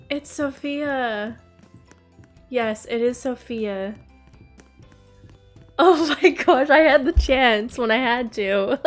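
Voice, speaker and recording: A young woman hosting a gaming channel, narrating her play live, excitable and quick to gasp and giggle. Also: a little high. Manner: excitable, gasping and giggling often. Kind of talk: live game commentary.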